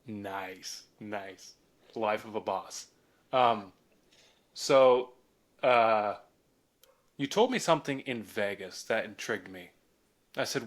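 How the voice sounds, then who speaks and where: A man's voice: lowish voice, slow pace, pauses often. A man hosting a podcast, asking casual, rambling questions with many fillers. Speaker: podcast host. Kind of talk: casual interview chat.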